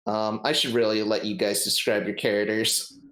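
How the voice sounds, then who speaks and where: A man's voice: lowish voice, flat delivery, moderate pace, fairly bright tone, roomy sound, rough recording. A man running a tabletop game as game master, hesitant, with many ums and uhs. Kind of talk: narrating a tabletop game, casual.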